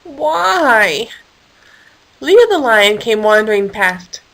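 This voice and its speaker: Woman, storybook read-aloud, playful, expressive, lively pitch, slightly high voice. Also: moderate pace, low-quality recording. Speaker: storyteller for a homeschool course.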